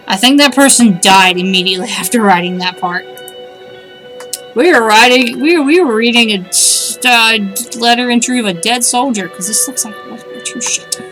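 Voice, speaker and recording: A woman streaming a game live, reading the game's text aloud and chatting, reacting out loud and talking to her cat. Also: mid-range voice, rough recording.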